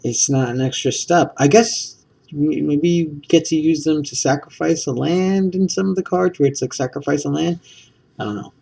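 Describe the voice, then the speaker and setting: A man's voice: a little high, moderate pace, vocal fry, warm tone, husky, recorded from a distance. A man rambling casually as he goes through trading cards on his own channel, with many ums and restarts. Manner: rambling, full of ums and self-corrections. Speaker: card-opening video host. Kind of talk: casual card-opening commentary.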